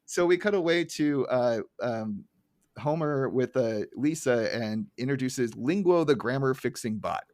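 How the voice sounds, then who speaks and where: A man's voice: mid-range voice, expressive, unhurried, a little mellow, no echo, studio quality. A man co-hosting a podcast, talking casually with lots of fillers and frequent laughs. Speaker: podcast co-host. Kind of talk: casual chat.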